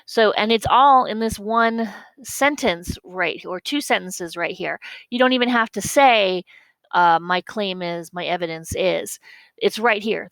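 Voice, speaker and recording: Gravelly-voiced woman teacher explaining. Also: mid-range voice, fairly bright tone, no room sound, poor audio. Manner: explains step by step, repeats points, checks with "okay?". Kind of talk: classroom lesson walkthrough.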